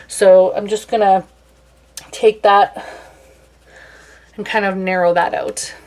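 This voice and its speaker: A young woman talks her way through a makeup tutorial in a loose, chatty manner. She pokes fun at herself now and then, and her pitch sits in an ordinary middle range. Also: little pitch movement, slow pace, darkish tone. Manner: casual and chatty, self-deprecating. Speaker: beauty vlogger.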